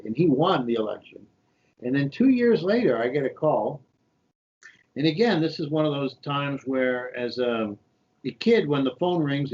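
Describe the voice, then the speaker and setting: A man in his fifties from New York tells stories from his life, lively and conversational, and jumps up in pitch to act out voices. The audio is a little dull and muffled. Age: 50s. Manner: animated anecdotal storytelling with voiced quotes. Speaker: guest, shadow senator. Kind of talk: storytelling interview.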